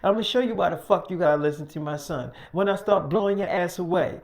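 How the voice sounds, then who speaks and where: A man voicing a menacing armed gang boss father, loud and threatening with profane talk, in freestyle role-play storytelling. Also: sits high, fast.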